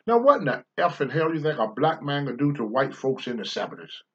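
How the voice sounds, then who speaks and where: An older man on a talk show, blunt and preachy, swinging from low mutters to loud outbursts. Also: animated, quick pace, creaky, highs cut off. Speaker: podcast host, former wrestler. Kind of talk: candid talk-show commentary.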